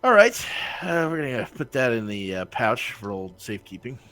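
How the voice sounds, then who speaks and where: A man's voice: medium pitch, big pitch swings, normal speed, a bit bright. A man playing in an online tabletop game, casual and joking, with many fillers. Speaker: player. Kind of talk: casual tabletop play over voice chat.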